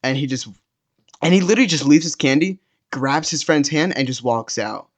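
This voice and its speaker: A man's voice: fairly high pitch, normal speed. A young man telling a story casually, rambling, with lots of fillers and restarts. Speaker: storytime vlogger.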